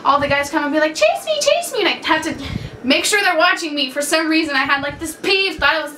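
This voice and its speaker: A woman's voice: high voice, fast, bright, forceful tone, slight background noise. A young woman telling brash, swear-filled stories in a casual chat, laughing as she goes. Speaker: co-host of a couple's vlog. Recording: echoey room from far off.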